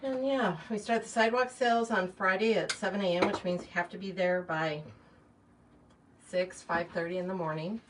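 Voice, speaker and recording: A woman's voice: lowish voice, fairly even intonation, normal speed. A middle-aged woman chatting casually while she arranges flowers, rambling with lots of fillers and asides. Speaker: shop owner hosting a live chat. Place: small shop or home workspace, indoors. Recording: distant mic, faint background noise.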